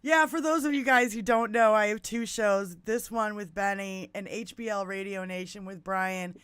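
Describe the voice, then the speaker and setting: A woman hosting a podcast, talking in a blunt, loud, heavily swearing way, with her lips close to a musician's mic in a home studio. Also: mid-range voice, fairly even intonation, normal speed, smooth. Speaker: podcast host. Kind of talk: casual political chat. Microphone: musician's mic held close.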